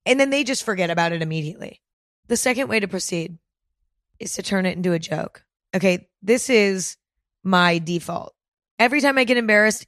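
Woman, podcast host, mid-pitch, direct coaching delivery, dry close-mic sound. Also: animated, fairly quick, a bit bright, dry recording. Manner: direct, coaching, checks in with listeners. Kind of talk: self-help podcast monologue.

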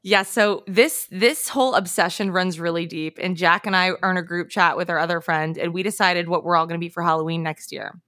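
A woman co-hosting a podcast in casual chat, telling stories with lively acted-out quotes and casual swearing. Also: lowish voice, a little fast, few pauses, no room sound, studio quality. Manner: lively storyteller acting out quotes. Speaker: podcast co-host.

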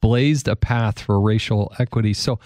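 A man's voice: mid-range voice, lively intonation, moderate pace, darkish tone, no echo, studio quality. A man hosting a podcast interview, asking questions and reacting briefly to his guest. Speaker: podcast host. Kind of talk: casual interview chat.

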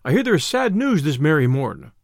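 A man's voice: fairly high pitch, very animated, a little fast, gravelly, dry recording, clean studio sound, exaggerated voice. A man reading aloud, voicing a cheerful, teasing young outlaw hero in an audiobook tale. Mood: hailing. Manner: jovial, playful.

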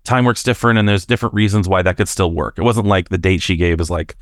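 A man from Washington State with a low voice, calling in to tell a story in a loose, chatty way and stumbling over his words as he goes. His voice sounds close and dry. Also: steady tone, fast, no echo. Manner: chatty, many fillers and restarts. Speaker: caller. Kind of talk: casual storytelling.

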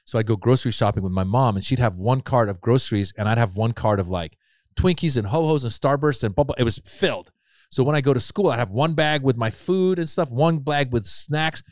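A middle-aged man, a comedian, chatting as an interview guest and telling lively stories, jumping into higher voices to act out what people said. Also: brisk, dry recording, clean studio sound. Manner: animated storyteller, acts out quotes in raised voices. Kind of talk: casual interview chat.

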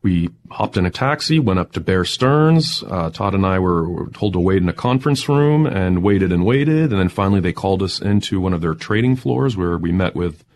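A man with a fairly low voice recounting a wild day in a lively interview, talking with building excitement and breaking into laughter along the way. His tone stays energetic and storytelling. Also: normal speed, few pauses. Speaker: tech entrepreneur guest.

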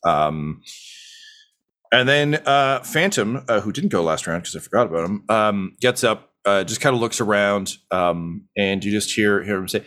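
Hesitant low-voiced young game master. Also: male voice, fairly bright tone. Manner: halting, many ums and uhs. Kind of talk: narrating a tabletop game.

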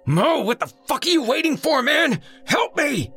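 A man's voice: deep voice, normal speed, a bit bright, husky, soft background music, exaggerated voice. A male narrator voicing a hardened, injured man who talks bluntly and gives orders. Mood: yelling. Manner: blunt, commanding, snarling. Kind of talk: audiobook character voice.

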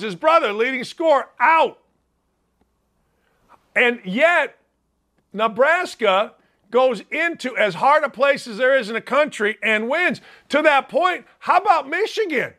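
A male sports-talk host with a very high, bright and forceful voice. He rants bluntly about college basketball and rambles from one point to the next with a combative edge.

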